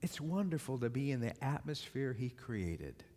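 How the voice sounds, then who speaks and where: A man's voice: medium pitch, very animated, normal speed, mellow, slight background noise. A man preaching as a minister, moving from rousing repeated calls to act into a personal story. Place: church hall. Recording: long reverb of a large hall.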